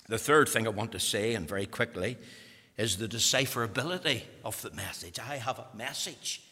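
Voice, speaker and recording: Fiery preacher in a hall. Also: male voice, moderate pace, slightly rough. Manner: swings from hushed near-whispers to loud, high-pitched exhortation. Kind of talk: fiery evangelical sermon. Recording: echoey hall.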